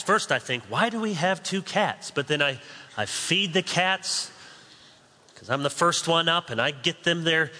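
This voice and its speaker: Bright-voiced male preacher in a hall. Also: fairly high pitch. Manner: conversational preaching with humorous asides. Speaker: pastor. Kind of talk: sermon. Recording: long hall reverb.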